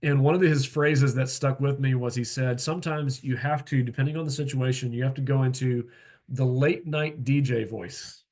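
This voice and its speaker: A man who is a pastor, mentoring young pastors in a relaxed, conversational teaching talk full of fillers and asides, heard over a video call. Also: medium pitch, normal speed. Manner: relaxed and plain-spoken, with frequent fillers and asides.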